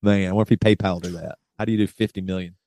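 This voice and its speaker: A man's voice: sits low, steady tone, dark tone, no echo, clean studio sound. A man co-hosting a casual podcast, reading out celebrity news with lots of fillers and restarts. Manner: reads figures aloud slowly, many fillers and restarts. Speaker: podcast co-host.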